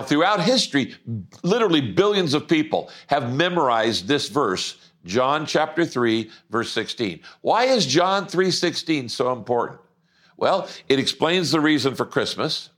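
A man preaching a Christmas morning sermon as a pastor, slowing down and stressing key words for emphasis. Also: medium pitch, a bit bright. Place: church.

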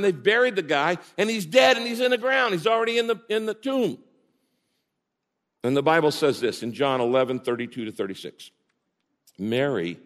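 Animated preaching man in echoing hall. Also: fairly high pitch. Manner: animated preaching, swinging from loud to hushed. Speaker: pastor. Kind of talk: sermon.

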